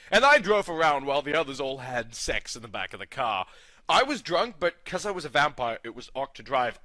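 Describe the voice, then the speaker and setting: A man giving a mock-dramatic comic reading of fan fiction, over the top with sudden loud outbursts. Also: fairly high pitch, dry recording. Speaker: comedy reader.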